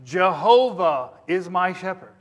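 Male preacher, high voice, teaching sermon, quizzes the congregation, long hall reverb. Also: lively intonation, a little slow. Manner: interactive, questioning the congregation.

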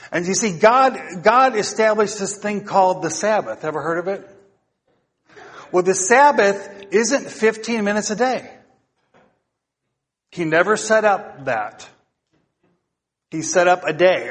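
A man's voice: high voice, a bit bright, slightly rough, long reverb tail. A middle-aged male pastor preaching a sermon, earnest and exhorting, often asking the congregation questions.

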